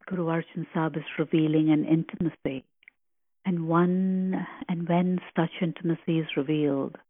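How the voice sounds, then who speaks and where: Slow, breathy woman on a tinny line. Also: low-pitched, no room sound. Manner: slow, reverent, reflective, with long pauses. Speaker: podcast host explaining scripture. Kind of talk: reverent spiritual commentary.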